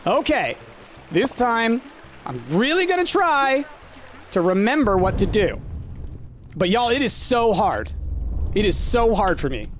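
A man narrating his own game playthrough in a let's-play style. He is excitable and self-deprecating, talks straight to his viewers and often breaks into frustrated yelps. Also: high-pitched, measured pace, long pauses. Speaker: gaming commentator. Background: game music.

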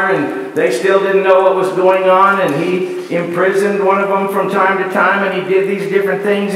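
A man with a high, slightly bright voice preaches a sermon in a church sanctuary, pressing his point through repeated rhetorical questions and building lists. The mic is distant and the hall echoes.

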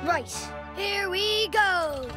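A woman's voice: animated, extremely slow, over music, heavily acted. A woman voicing a cheerful, curious four-year-old boy in a children's cartoon. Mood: cheerful, polite. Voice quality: high bright childlike voice.

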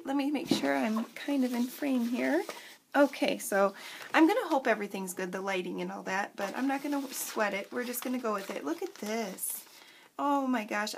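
A young woman, gushing and excited as she chats to camera in a home craft vlog, full of fillers and asides. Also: on the high side, a little hiss or hum. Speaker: craft vlogger. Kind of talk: casual chat to camera.

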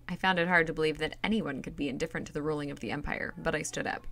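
Woman reading a novel, low and gravelly. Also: fairly even intonation, fast talker, hardly any pauses, a bit bright. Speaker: reader.

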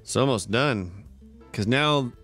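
A man's voice: mid-range voice, lively intonation, slow pace, fairly bright tone. Man, tired but upbeat, casual stream chatter, mid-range voice, faint music behind. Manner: chatty and upbeat, laughs often. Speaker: livestreamer. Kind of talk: casual live-stream chat, thanking subscribers. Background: faint background music.

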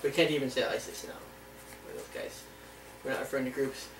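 A man's voice: mid-range voice, expressive, fairly quick, gravelly, fairly bright tone. A man bantering playfully with his mother at home, rambling from one joke to the next. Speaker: son in a family vlog. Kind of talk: casual family banter. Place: home kitchen. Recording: echoey room, distant voice, faint hum.

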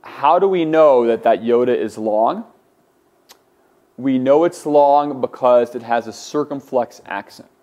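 A man's voice: medium pitch, measured pace, mellow, highs cut off. A man teaching a class, patiently explaining forms and drilling his students to say words aloud. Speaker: Greek teacher. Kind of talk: classroom lecture.

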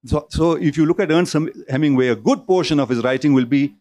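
A man's voice: on the high side, quick pace, darkish tone. A man giving a public lecture in a hall, discursive, often restarting and repeating words as he goes. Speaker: speaker at a cultural centre talk.

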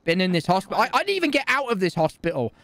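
A man's voice: high-pitched, sing-song, racing, a bit bright, dry recording. A man talking brashly and crudely in rambling bursts as his character in improvised game role-play.

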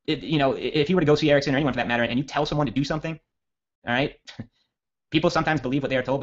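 Man, copywriting trainer, rapid rambling storyteller, mid pitch, muffled lo-fi audio. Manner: rambling, self-correcting, energetic storyteller. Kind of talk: casual training talk with storytelling. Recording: dull lo-fi audio.

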